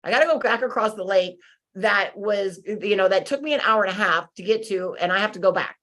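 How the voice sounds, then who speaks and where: A woman hosting a webinar, telling a personal story in a conversational, animated way, with fillers and restarts, acting out her own frustration. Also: mid-range voice, fairly quick. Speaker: webinar host. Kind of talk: motivational storytelling talk.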